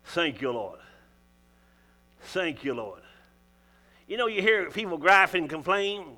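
A man's voice: on the high side, very animated, takes it slowly, pushed and bright. An older man preaching a folksy sermon in church, calling out to the congregation. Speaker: pastor.

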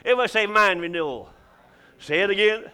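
A man's voice: high-pitched, quick pace, bright, forceful tone, clear, resonant tone. A man with a Southern US accent preaching a sermon, folksy and joking, with emphatic calls to the congregation.

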